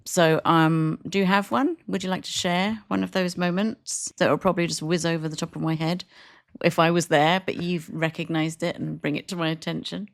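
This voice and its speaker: A woman's voice: fairly low pitch, fairly even intonation, moderate pace, creaky, hardly any pauses. A woman co-hosting a podcast in casual chat, encouraging her co-host with questions.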